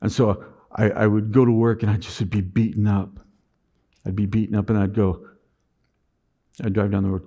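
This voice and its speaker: A middle-aged man speaking at a conference, telling a personal business story and acting out his past self in an animated way. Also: on the low side, moderate pace, pauses often.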